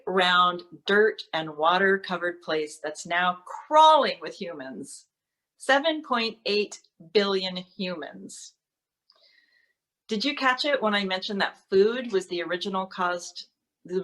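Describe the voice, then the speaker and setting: A woman performs a solo monologue in a wry, playful storytelling manner. Her voice sits a bit on the low side, and she slips in bits of mock outrage. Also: a bit bright.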